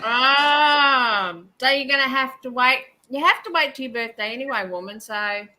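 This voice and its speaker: A woman's voice: high-pitched, a little fast, pushed and bright, slight background noise. A woman who joins a casual chat with short, teasing remarks.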